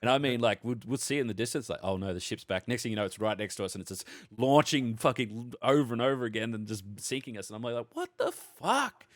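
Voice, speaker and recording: An Australian man co-hosting a podcast, rambling through an animated gaming story and swearing freely in casual chat. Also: mid-range voice, fast talker, few pauses, no room sound, clean studio sound. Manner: rambling anecdote, heavy swearing, animated retelling. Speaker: podcast co-host.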